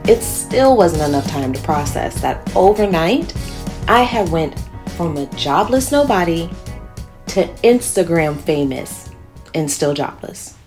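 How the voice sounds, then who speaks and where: A woman's voice: lowish voice, big pitch swings, a little slow. An actress playing a dry, wry young woman who narrates her own story. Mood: narrating. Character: wry young woman, recently fired radio host. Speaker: Charlie, narrator and lead. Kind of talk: first-person narration and dialogue. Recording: music playing behind.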